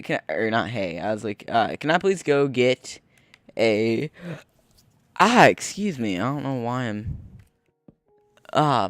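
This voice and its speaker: A teenage boy narrates a school story while he plays, rambling and restarting his sentences and bursting with excitement now and then. His voice is smooth and clear at a middling pitch, and the recording is close and dry with no room sound. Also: no echo. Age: teens. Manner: rambling, self-interrupting, excitable. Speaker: gaming video host. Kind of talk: casual gameplay commentary and storytelling.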